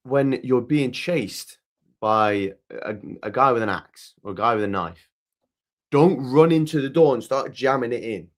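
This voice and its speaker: A man's voice: mid-range voice, lively intonation, a little slow. A man co-hosting a live football fan stream, explaining earnestly with analogies and frequent restarts. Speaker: co-host of a football fan show. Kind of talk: casual live-stream chat.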